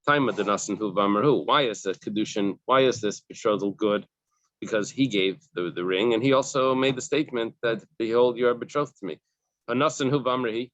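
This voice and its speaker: Low-voiced man patiently teaching a class. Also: fairly quick, a bit bright, no room sound. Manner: explains step by step, translating each phrase into plain English. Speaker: Talmud teacher. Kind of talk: casual study-group class. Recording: dull lo-fi recording.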